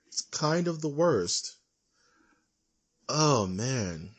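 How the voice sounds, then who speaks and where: A young man with a husky voice rants in casual podcast chat, animated and quick to laugh. His pitch sits in an ordinary middle range. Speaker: podcast co-host.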